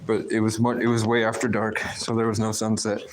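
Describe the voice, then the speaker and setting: A man's voice: lowish voice, monotone, fairly quick, background noise. A man livestreaming from his phone, telling a rambling, profane story in casual, brash speech. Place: outdoors riding around town, then in a store.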